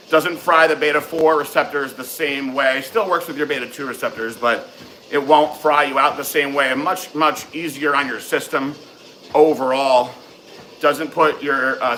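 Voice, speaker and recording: A man's voice: medium pitch, sharp tone, slight background noise, low-quality recording. A man hosting a casual live question-and-answer session, giving frank, matter-of-fact advice with plenty of ums and uhs. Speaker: host answering viewer questions.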